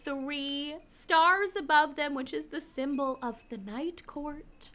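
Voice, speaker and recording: A woman with a high, bright voice in a casual podcast chat. She teases her co-host and laughs through much of what she says. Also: takes it slowly, a little hiss or hum.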